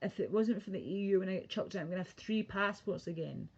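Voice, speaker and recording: A woman's voice: medium pitch, fast talker, darkish tone, breathy edge, highs cut off. Profane, ranting woman streamer. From Britain. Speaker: livestreamer. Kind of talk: casual livestream rant.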